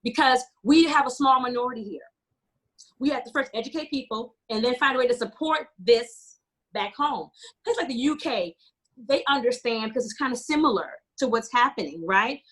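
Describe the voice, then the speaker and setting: A woman's voice: on the high side, moderate pace, a bit bright, breathy edge. An American woman speaking as a community organizer in a panel discussion, telling stories passionately and quoting dialogue. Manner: passionate, storytelling with quoted dialogue.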